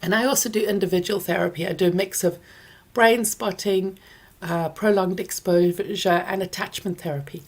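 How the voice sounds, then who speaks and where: Calm woman therapist answering viewer questions. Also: on the low side, normal speed. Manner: calm, explanatory, with many fillers and restarts. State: talking around a throat lozenge. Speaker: therapist hosting a Q&A. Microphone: close mic near her ears.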